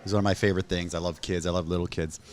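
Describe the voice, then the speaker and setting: A Canadian man in his thirties hosting a casual chat, telling stories with animated acted-out quotes. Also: deep voice, rapid-fire, slight background noise. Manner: animated storyteller, acts out quotes. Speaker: host.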